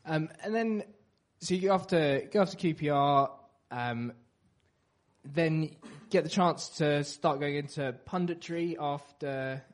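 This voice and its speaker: A man interviewing a guest, asking questions in a relaxed way with many restarts. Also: fairly high pitch, a little slow. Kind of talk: casual interview.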